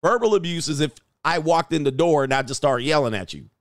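A man with a fairly high voice delivers blunt, profane reaction commentary as a dating coach. He fires off mocking rhetorical questions and laughs at his own points. The sound is dry and close. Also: animated, brisk, no echo.

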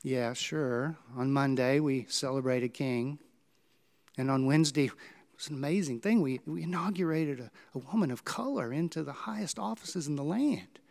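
A man's voice: moderate pace, vocal fry, a little mellow. Man preaching with dramatic swings. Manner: storytelling with dramatic swings in pitch and volume. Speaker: pastor. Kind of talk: sermon.

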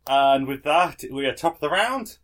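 A man's voice: fairly high pitch, lively intonation, normal speed, fairly bright tone. A man acting as game master, narrating a tabletop game and muttering through dice rolls and rules aloud.

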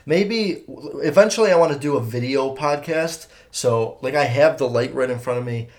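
A man's voice: mid-range voice, normal speed. A young man hosting a solo podcast from a room at home, rambling casually, swearing freely and correcting himself as he goes. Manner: rambling, profane, self-correcting. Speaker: podcast host. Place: home room, partly soundproofed.

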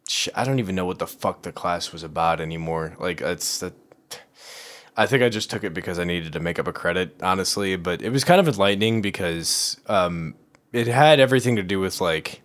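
A young man, a podcast co-host, talking casually in a halting way, with many restarts and some swearing. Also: deep voice, expressive, fairly bright tone. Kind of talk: casual chat.

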